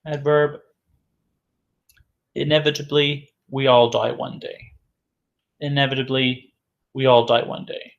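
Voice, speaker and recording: A male English teacher working through a vocabulary lesson in a recorded class. He speaks at a very slow, deliberate pace, repeating each word for learners, with a voice that sits in an ordinary middle pitch. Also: steady tone, lo-fi sound.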